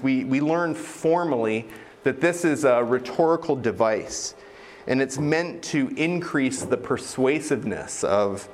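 A man preaching a sermon in a conversational, self-deprecating way, with frequent hesitations. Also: medium pitch. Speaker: pastor.

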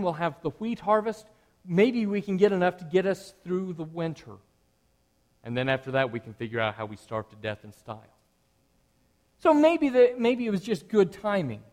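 In a high voice, a middle-aged pastor gives a sermon that mostly sounds like conversation but at times swells into animated emphasis.

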